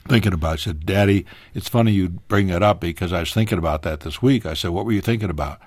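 A man telling a personal story as a guest on a radio talk show, animated, his voice leaping higher at emotional moments. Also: fast talker, dry recording. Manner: animated, pitch jumping high in emotional moments.

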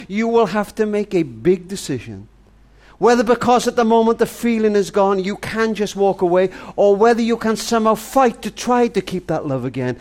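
The voice is a man's, high-set and expressive, darkish in tone, moving at normal speed. He's an older family charity speaker giving a tender, earnest, grandfatherly monologue from the heart, pitched as though his granddaughter were listening.

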